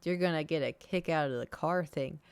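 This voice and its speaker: A woman's voice: low-pitched, moderate pace, smooth, no echo. A woman streamer telling a long casual story to her chat, rambling with lots of fillers and acting out what others said. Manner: rambling, lots of "like" and "um", acts out quoted voices.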